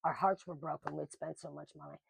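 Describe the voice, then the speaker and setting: A woman's voice: low-pitched, brisk, vocal fry, slightly rough, dry recording. A middle-aged woman telling a personal story to camera in a casual, blunt and emotional way. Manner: emotional, blunt, lively quoting of others.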